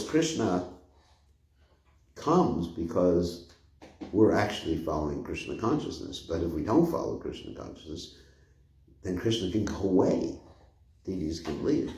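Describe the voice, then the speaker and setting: A man's voice: low-pitched, sing-song, moderate pace, pauses often, dark tone. An older man giving an informal scripture class, rambling and conversational, often chuckling. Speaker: spiritual teacher giving a class. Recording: echoey room.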